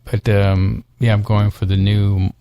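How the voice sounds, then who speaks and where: A man's voice: on the low side, level tone, unhurried, warm tone, clean tone. A man co-hosting a live internet talk show, chatting casually and rambling with lots of fillers. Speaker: podcast co-host. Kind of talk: casual chat.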